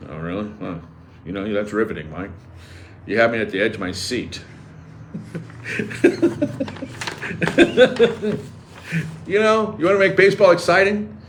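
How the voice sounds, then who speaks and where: A man's voice: medium pitch, slow, pauses often, background noise. A man hosting a sports radio show, riffing and joking sarcastically in casual banter. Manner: animated, sarcastic, riffing jokes. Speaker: radio host.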